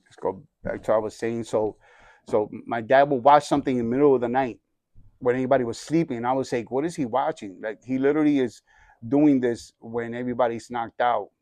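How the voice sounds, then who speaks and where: A man in his forties tells his life story in a casual, animated way. He slips into streetwise slang and acts out each voice in the story. The sound is close and dry, with no room behind it. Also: mid-range voice, brisk, no room sound. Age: 40s. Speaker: guest sharing his testimony.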